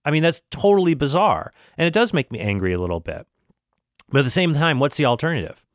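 A man's voice: a little high, sing-song, fast talker, dry recording, studio quality. Earnest man reasoning through an argument. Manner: earnest, reasoning, with frequent restarts. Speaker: Christian podcast host. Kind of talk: solo podcast commentary.

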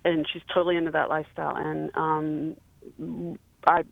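A woman caller in her fifties tells her story haltingly, stopping and restarting often. Her voice comes through a thin, tinny phone line with no room sound. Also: deep voice, level tone, vocal fry, no echo. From South Carolina. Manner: halting, many fillers and restarts. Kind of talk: phone-in call, telling a personal story.

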